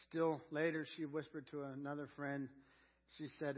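A man preaching an earnest sermon, sinking to a hushed low voice and rising loud on key words. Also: level tone, normal speed, lo-fi sound. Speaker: pastor.

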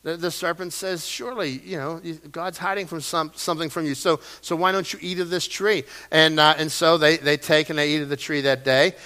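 Middle-aged male pastor, bright and forceful, a bit high, folksy storyteller in the pulpit. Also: steady tone, fairly quick, few pauses. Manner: folksy, storytelling, self-deprecating asides. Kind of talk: sermon. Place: church sanctuary.

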